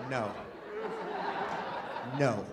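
A man's voice: extremely slow, over a noisy crowd, heavy background noise. A man performing a stand-up comedy set in front of a live audience, talking in a rambling, self-deprecating way, full of false starts and restarts. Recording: live room with audience laughter. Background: audience laughing.

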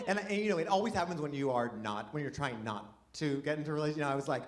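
A man performing a chatty, self-deprecating stand-up set in front of a live audience, often restarting his sentences and breaking into animated exclamations. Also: mid-range voice, fast, hardly any pauses. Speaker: stand-up comedian. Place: live comedy venue with an audience. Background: audience laughter.

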